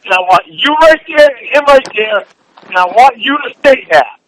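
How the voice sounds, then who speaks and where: Brief: enraged man, very high pitch, hoarse and strained, nonstop cursing in a private fight. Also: animated, moderate pace, rough recording. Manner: furious, shouting, heavy swearing. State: sore, strained voice. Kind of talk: heated private argument.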